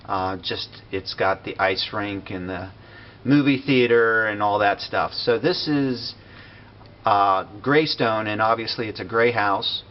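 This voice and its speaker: Man, casual game tour narration, lots of uh and pauses, lowish voice, muffled low-fi sound. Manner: relaxed, many fillers and pauses. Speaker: game builder giving a tour. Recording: dull lo-fi recording with faint noise.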